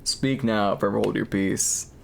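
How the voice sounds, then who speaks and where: A man's voice: fairly low pitch, normal speed, gravelly. A young man live-streaming, chatting casually with viewers in a rambling, profane way. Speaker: streamer reading horror stories.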